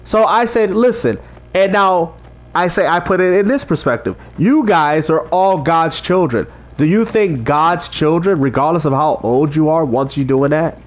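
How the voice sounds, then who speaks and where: A man with a fairly high voice chats with his livestream viewers about faith. He talks like a street preacher, direct and repetitive, checking that chat is following him. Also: lively intonation, moderate pace. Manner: talks straight to chat, repeats himself, preachy street-evangelist talk. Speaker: livestream host reading chat.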